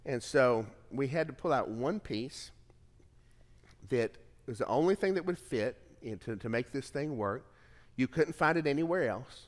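Middle-aged pastor preaching in a reverberant hall. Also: male voice, medium pitch, animated, measured pace. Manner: earnest storytelling, swells louder on key phrases. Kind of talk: sermon.

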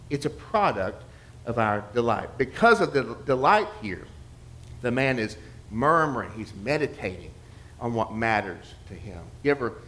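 A man preaching a sermon in a conversational way, asking rhetorical questions and moving from quiet, muttered asides to loud, emphatic passages. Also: mid-range voice. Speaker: pastor.

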